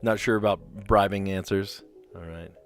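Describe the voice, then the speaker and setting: A man's voice: fairly low pitch, fairly even intonation, normal speed, soft background music. A man with a light New Jersey accent hosting a live stream of word puzzles, chatting casually and rambling with frequent laughs. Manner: chatty and rambling, laughs often, reads chat aloud.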